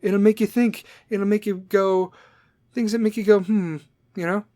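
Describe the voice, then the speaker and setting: A man's voice: high-pitched, little pitch movement, moderate pace, dark tone, no room sound, clean studio sound. A man in his forties hosting a solo comedic podcast, swearing constantly as he rambles in a sarcastic rant. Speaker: podcast host.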